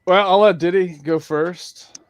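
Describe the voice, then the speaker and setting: A man's voice: sits high, fairly even intonation, a little slow, smooth. A man co-hosting a casual sports chat, joking and swearing. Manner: laughs often, joking and profane. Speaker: podcast co-host.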